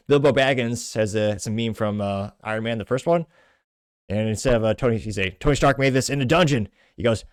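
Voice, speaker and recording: A man's voice: lowish voice, clean tone, no echo, clean studio sound. A man hosting a commentary show, reading out social media posts and adding scornful remarks between them. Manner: brisk, scornful commentary between read-out quotes. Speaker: podcast host.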